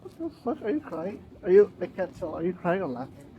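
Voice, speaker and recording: A young man streaming outdoors, joking and teasing in casual chat and breaking into high laughter. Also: very animated, a little fast, dark tone, slight background noise, poor audio.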